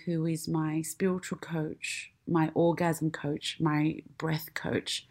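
Slow, earnest woman. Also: fairly low pitch, vocal fry, a little mellow. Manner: earnest and emotional, with dramatic pauses. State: close to tears. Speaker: podcast host and comedian. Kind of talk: personal monologue.

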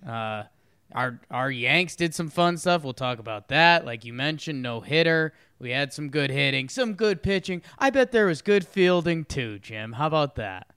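A man co-hosts a casual sports podcast, easygoing and chatty, rambling through his thoughts. His voice is clear and smooth, and the recording is dry and close. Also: a little high, animated, fairly bright tone, no room sound. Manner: easygoing, rambling, quick to laugh. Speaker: podcast co-host.

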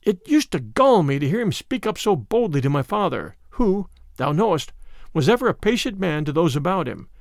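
Man doing earnest young strongman, calm and measured, dry close sound. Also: on the high side, gravelly, no room sound.

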